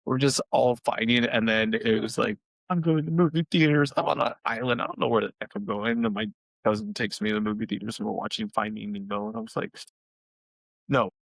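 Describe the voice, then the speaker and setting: A man's voice: brisk, gravelly, fairly bright tone, no room sound, low-quality recording. A young man co-hosting a podcast, telling family stories in casual chat and acting out quoted lines. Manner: storytelling, acts out quotes in high voices. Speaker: podcast co-host.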